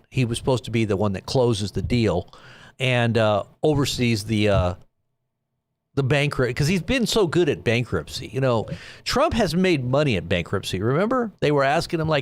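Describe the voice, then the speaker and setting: A man's voice: mid-range voice, sing-song, normal speed. A middle-aged man hosting a live online news commentary show, talking in a sarcastic, rambling way and reading quotes aloud with mocking emphasis.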